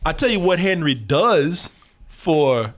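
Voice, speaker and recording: An animated man hosting a casual movie discussion, his high voice swinging widely in pitch. He laughs a lot and swears freely, getting heated as he talks. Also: slow pace. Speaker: movie review show host. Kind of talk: casual movie commentary chat.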